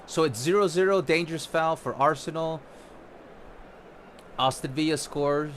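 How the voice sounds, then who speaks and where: A man's voice: fairly high pitch, moderate pace, fairly bright tone, a little hiss or hum. A young man streaming a football video game, ranting with frequent swearing in casual commentary. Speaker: gaming streamer.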